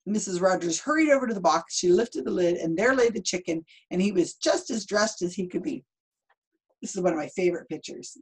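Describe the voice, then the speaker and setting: Husky woman reading a children's book. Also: fairly low pitch, animated, brisk, poor audio. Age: 50s. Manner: chatty asides about the pictures. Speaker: storybook reader.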